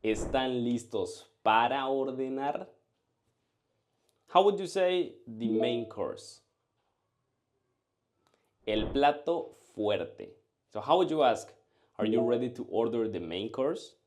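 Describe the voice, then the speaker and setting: A man teaches a language lesson, drilling short phrases and answers slowly with careful enunciation. His mid-range voice is animated with a darkish tone, and there is a little hiss or hum.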